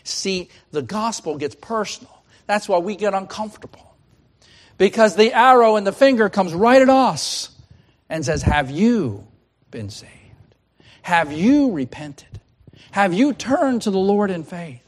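A man delivers a fervent sermon in a slightly higher-than-average voice. He surges into loud, emphatic declarations, then drops to a hushed, near-whispered appeal, pressing the same questions again and again. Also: animated, a little slow. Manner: repetitive pleading questions. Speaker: preacher.

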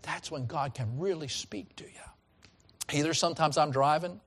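A middle-aged man preaching a sermon as pastor, swinging from loud calls to hushed lines. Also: on the high side, normal speed, husky.

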